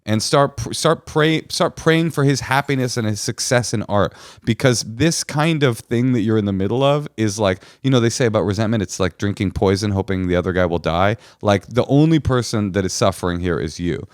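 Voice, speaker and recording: A man's voice: on the low side, brisk, clear, resonant tone, dry recording. Blunt, dry-sounding male podcast host. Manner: blunt, profane and impassioned. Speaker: podcast host giving advice. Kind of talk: casual advice chat.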